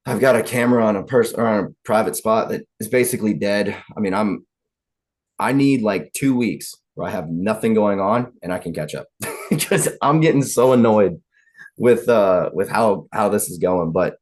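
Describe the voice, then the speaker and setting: A man's voice: fairly low pitch, moderate pace, darkish tone. A man with a Southern US accent hosting a podcast, talking casually and chattily, wandering between thoughts and cutting himself off. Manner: rambling, self-interrupting, chatty. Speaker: podcast host.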